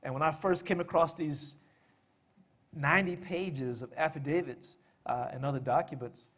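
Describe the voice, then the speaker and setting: At a normal speed, a man gives a relaxed, conversational public talk on family history and poetry. His voice is a little high, and he sprinkles in frequent "uh" fillers along with dry, self-deprecating humor.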